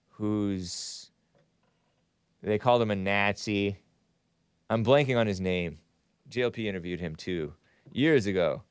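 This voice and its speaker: A male talk host rambles through a casual monologue, mocking as he goes and laughing at his own remarks. His pitch swings lively up and down, and the sound is dry and close with a clean, smooth tone. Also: no room sound.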